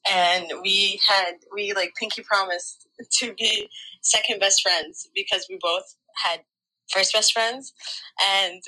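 A woman's voice: mid-range voice, fairly even intonation, takes it slowly, bright, forceful tone, rough recording. A woman casually telling a personal story in a chatty way, with many "like" fillers.

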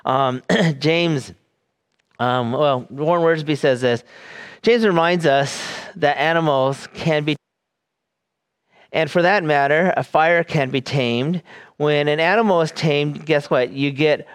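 Smooth-voiced man preaching earnestly. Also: fairly high pitch. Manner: earnest, deliberate, with frequent fillers and restarts. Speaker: pastor. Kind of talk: sermon.

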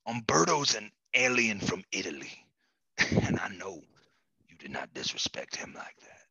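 A man doing an impression of a blustering old president, talking in a breathy, whispery rasp and rambling gruffly. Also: lowish voice, sing-song, normal speed, sharp tone, dry recording, heavily acted, poor audio. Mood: outraged.

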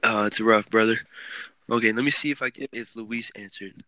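A young man hosting a casual podcast chat, telling animated stories with lots of swearing. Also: fairly low pitch, moderate pace, dry recording. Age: young adult. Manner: animated, swearing, laughing storyteller. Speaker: podcast host.

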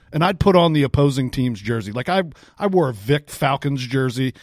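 Male podcast co-host, casual profane storytelling, dry close sound, mid-pitched voice. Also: dry recording. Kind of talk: casual chat.

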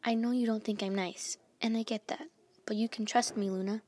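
Woman playing a mysterious animal-keeper, sweet voice, gentle, reassuring. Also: a little high, fairly even intonation, a little fast, slight background noise, close to an everyday voice. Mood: calm. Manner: soft and reassuring.

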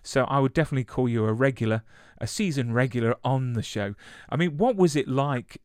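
A man's voice: medium pitch, a little fast, no echo, studio quality. A man hosting a casual interview, asking eager questions in a chatty way with frequent restarts. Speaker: interview host.

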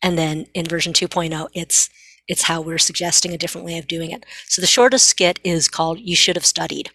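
Earnest woman, low voice. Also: fairly even intonation, fairly quick, bright, forceful tone, no echo. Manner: earnest, acts out dialogue. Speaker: psychiatrist guest. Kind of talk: explanatory interview talk.

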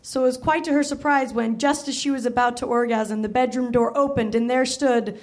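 A woman's voice: fairly high pitch, steady tone, fairly quick. A woman reading comic fiction aloud on stage, with self-aware asides. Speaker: comedy reader. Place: live comedy theater.

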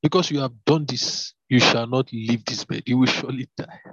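A man's voice: fairly high pitch, steady tone, moderate pace, no room sound, pitched above the performer's own voice. A man voicing a stern, commanding male prophet in an emphatic, declaiming read. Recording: dull lo-fi, dry.

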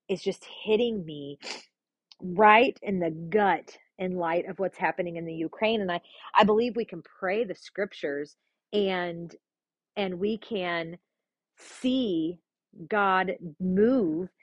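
A woman's voice: on the low side, no echo. A woman hosting a Bible reading podcast, reading scripture aloud and praying in an earnest, heartfelt way.

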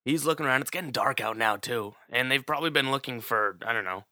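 A man's voice: medium pitch, quick pace, bright, forceful tone, no echo, studio quality. A man telling a story in a casual, chatty way, talking straight to the listener with plenty of fillers. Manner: chatty, addresses the listener directly, many fillers.

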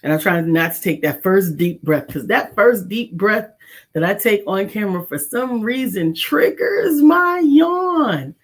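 A woman's voice: medium pitch, animated, unhurried, slightly rough. A woman co-hosting a casual morning talk show, playful, repeating greetings in a sing-song way. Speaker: co-host.

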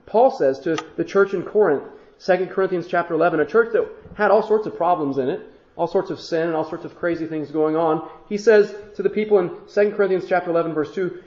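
A man's voice: on the high side, quick pace, darkish tone, echoey room, dull audio. A man preaching a sermon as a pastor, earnest, often speaking God's words in the first person.

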